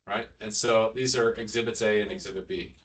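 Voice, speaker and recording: Low-voiced guy teaching a class of nurses, mic kinda far off, cracks jokes and keeps asking questions. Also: fairly even intonation, fairly quick. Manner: casual, quizzing the room, frequent asides. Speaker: neurosurgery lecturer. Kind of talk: joking live lecture to nurses. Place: hospital lecture room with an audience. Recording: distant mic, audience murmur.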